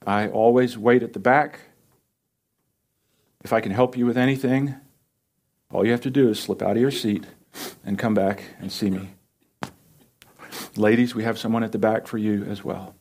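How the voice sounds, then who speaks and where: A man's voice: on the low side, steady tone, normal speed, pauses often, a little mellow. A male pastor preaching an earnest, pleading sermon and closing it in prayer.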